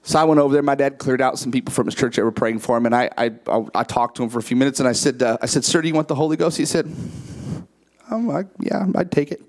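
Male preacher, mid pitch, sermon storytelling, animated, voices the quotes low. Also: fast. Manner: animated, rises to high emphatic peaks; acts out quoted dialogue in a lower, quieter voice.

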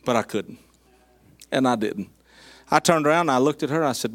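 A man preaching, a folksy, animated storyteller who speaks to his congregation in southern address. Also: medium pitch, normal speed, pauses often, dry recording. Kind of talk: storytelling sermon.

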